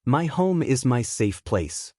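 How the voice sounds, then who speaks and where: A man voicing a shy teenage boy who speaks calmly and firmly. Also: mid-range voice, slow pace, no echo, studio quality. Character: shy teenage boy, finally standing firm.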